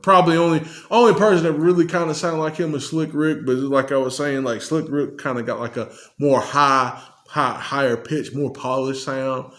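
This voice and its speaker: A man's voice: medium pitch, fairly even intonation, moderate pace, fairly bright tone. A man hosting a podcast, giving casual, loose commentary with lots of fillers. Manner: laid-back, loose, many fillers. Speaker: podcast host.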